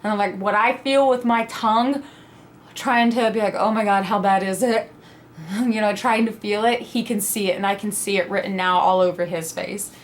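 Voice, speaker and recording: A young adult woman telling a personal story in a casual, animated vlog style, acting out her own quoted reactions. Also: mid-range voice, moderate pace, a little hiss or hum. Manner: animated, dramatic retelling with quoted asides. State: pregnant (at the time told). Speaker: vlogger.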